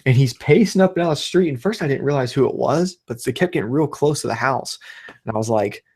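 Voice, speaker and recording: A man's voice: mid-range voice, expressive, fast, darkish tone, slightly rough. A man in his thirties hosting a casual chat, rambling and swearing, laughing through his own stories. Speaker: channel host.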